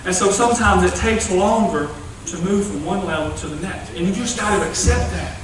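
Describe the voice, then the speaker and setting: A young man preaching a youth revival sermon, animated and folksy, with playful asides. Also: high voice, fairly quick, noisy background. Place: church sanctuary. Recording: distant echoey church recording.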